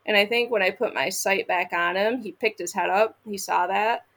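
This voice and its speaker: With a gravelly fry in her voice, a Michigan woman guesting on a podcast tells a story bluntly and casually, full of swearing, voicing people's lines as she acts them out. She speaks at a moderate pace with medium pitch and a slightly bright tone.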